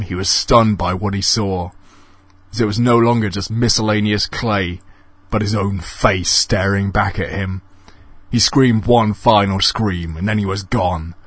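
Deadpan male storyteller, husky voice. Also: on the low side, no room sound. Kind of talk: comic ghost story narration.

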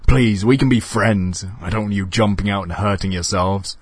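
A man's voice: fairly low pitch, normal speed, a bit bright, breathy edge, no echo, clean studio sound. A man voicing a gloating, cackling haunted door that turns out to be lonely. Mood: pleading. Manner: gloating, then whiny and pleading.

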